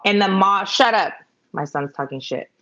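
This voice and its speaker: A woman's voice: mid-range voice, animated, moderate pace, a bit bright, dull audio. A middle-aged woman rambling through a story on a live stream, chatty and self-mocking, with lots of fillers. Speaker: vlogger telling a story.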